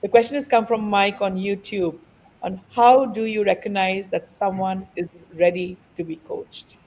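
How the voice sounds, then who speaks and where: A woman's voice: medium pitch, fairly even intonation, normal speed, darkish tone, low-quality recording. Woman moderator reading questions, polite, faint hiss. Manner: polite, reads audience questions. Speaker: webinar moderator.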